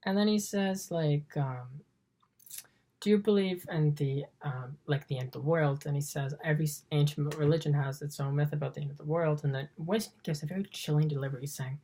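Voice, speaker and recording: Low-voiced woman recapping a film. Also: a little fast, mellow. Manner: eager, rambling retelling. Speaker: film reviewer. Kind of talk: casual scene-by-scene film recap.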